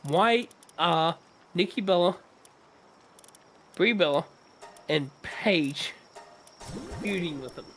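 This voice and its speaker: Man, high-pitched voice, casual stream chat, heated opinionated rant, swears a lot, faint background noise. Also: slow pace, long pauses. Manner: animated, opinionated ranting with swearing. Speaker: streamer co-host.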